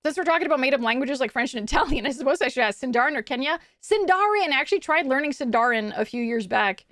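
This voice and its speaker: A young woman from Quebec, Canada, chatting casually on a live stream, animated and swearing, with many fillers. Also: high voice, fast, no echo, studio quality.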